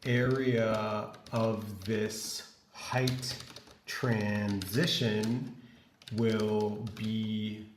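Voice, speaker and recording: A man dictating a prompt to an AI coding tool, in slow, halting phrases full of restarts. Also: on the low side, echoey room, a little hiss or hum. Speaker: web developer.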